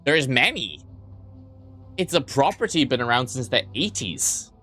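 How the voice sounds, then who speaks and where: Bright-voiced young man streaming casually. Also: medium pitch, very animated, measured pace, soft background music. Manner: rambling, crude joking banter reading chat. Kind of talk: casual live-stream chat with viewers.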